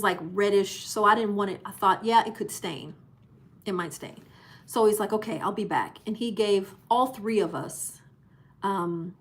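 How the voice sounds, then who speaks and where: Animated woman telling a cruise story. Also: medium pitch. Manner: animated storyteller who acts out quoted voices. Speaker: cruise channel host. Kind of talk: casual storytelling to a live audience.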